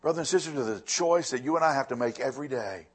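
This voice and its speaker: A man preaching a sermon as pastor, swinging between loud emphatic lines and hushed, quiet ones. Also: mid-range voice, fast, husky.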